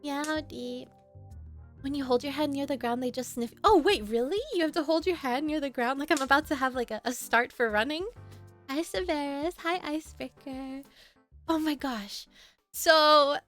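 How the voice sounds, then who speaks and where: High-voiced, animated woman streamer. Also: measured pace, soft background music. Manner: animated, laughs often, greets chatters. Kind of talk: casual storytelling to chat.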